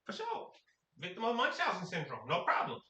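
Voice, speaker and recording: A man from Sacramento tells a story to camera in a slangy, animated way, his voice high and swinging. The tone is bright and sharp. He is recorded in an echoey room. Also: a little fast, dull audio. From Sacramento, California. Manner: animated, slangy, acts out quotes.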